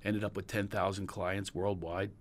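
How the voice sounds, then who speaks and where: A middle-aged man from Pennsylvania with a Pennsylvania accent, hosting a podcast and telling long personal stories in a rambling, animated way. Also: sits low, normal speed, a little hiss or hum. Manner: rambling and storytelling, animated when recalling anecdotes. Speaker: podcast host. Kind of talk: casual chat.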